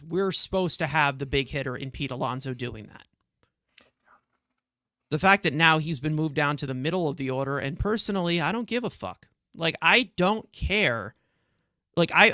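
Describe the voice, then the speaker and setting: A man's voice: on the high side, sharp tone, dry recording, clean studio sound. Frustrated ranting man with a New York accent. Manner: frustrated ranting, swears often. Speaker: podcast co-host. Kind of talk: heated sports reaction talk.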